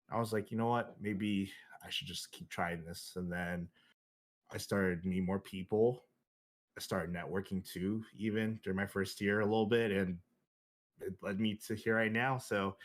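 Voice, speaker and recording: A man chatting casually on a group podcast, animated, swearing and laughing easily. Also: sits low. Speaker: streamer guest.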